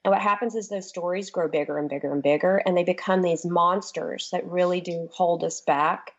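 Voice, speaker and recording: A woman's voice: on the low side, fairly even intonation, brisk, highs cut off. A woman coach talking enthusiastically in a casual radio interview, speeding up and then stretching words out. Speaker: guest, transformation coach.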